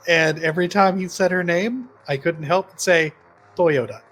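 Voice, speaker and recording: A man with a breathy, somewhat high voice walks through a horror movie plot in relaxed podcast chat. He rambles, drops filler ums and laughs between thoughts. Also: moderate pace, faint music behind. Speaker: podcast co-host. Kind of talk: casual film-review chat.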